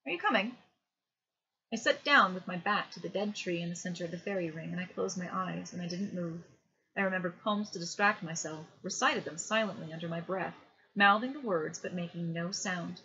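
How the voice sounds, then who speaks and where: Woman reading a hushed bedtime story. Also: fairly low pitch, fairly quick. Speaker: reader. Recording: dull lo-fi home recording.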